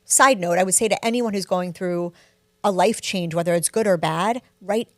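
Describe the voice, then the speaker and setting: A woman in her forties, a guest author chatting in an interview, candid and self-deprecating, telling stories with lively energy. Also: lowish voice, normal speed, dry recording. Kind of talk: casual interview chat.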